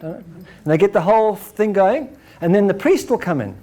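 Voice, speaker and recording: A man giving a lecture to an audience, animated, acting out examples and ending points with "right?". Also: high voice, normal speed, hardly any pauses. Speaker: speaker.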